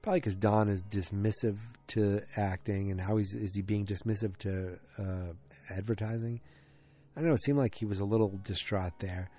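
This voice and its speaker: A man's voice: lowish voice, fairly even intonation, normal speed, dark tone, soft background music. A man giving a casual, rambling recap of a TV episode, with many ums and restarts. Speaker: TV episode reviewer.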